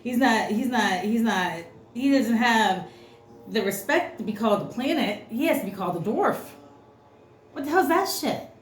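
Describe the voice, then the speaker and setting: A woman's voice: fairly high pitch, animated, normal speed, soft background music. A woman giving an unscripted tarot reading, ranting bluntly and cursing freely. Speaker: tarot reader. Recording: roomy echo, faint noise.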